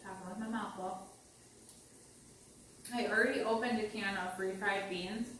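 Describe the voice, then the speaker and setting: Chatty woman hosting a home cooking vlog, rambles and jokes at her own expense; picked up from across a boomy kitchen. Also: fairly even intonation, moderate pace, fairly bright tone. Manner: chatty, rambling, self-deprecating. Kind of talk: casual cooking chat. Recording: very echoey room, mic far off, noisy.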